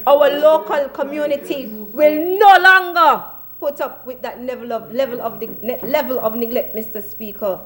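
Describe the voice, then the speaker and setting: A woman's voice: high voice, normal speed. A woman, a senator giving a combative parliamentary speech in a chamber, hammering her points with repeated jabs. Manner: combative, repetitive rhetorical jabs. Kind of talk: parliamentary budget debate speech.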